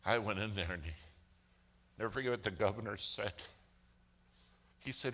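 A man's voice: on the low side, normal speed, pauses often, fairly bright tone. A man telling a long church story as a sermon, acting out the quoted dialogue of the people in it.

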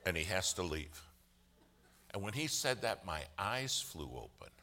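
A man with a lowish voice and a forceful, bright edge tells a story before a congregation. He is a lawyer by trade and plays every part himself. He drives the punchlines home with sudden loud bursts. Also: measured pace. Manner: animated storyteller, acts out quoted voices with humor. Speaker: lawyer giving a testimony. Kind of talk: sermon storytelling.

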